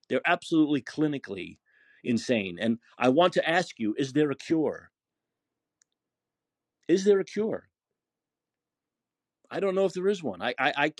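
A man hosts a call-in talk show with a husky, fairly high voice that swings widely in pitch. He rants with passion and keeps repeating phrases for emphasis. The sound is dry and close. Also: no echo. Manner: impassioned, repetitive ranting. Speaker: podcast host.

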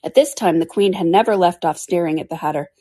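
Brief: woman storyteller, breathy-husky tone, steady read-aloud. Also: fairly low pitch, fast. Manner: clears throat now and then. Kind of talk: reading a classic storybook aloud.

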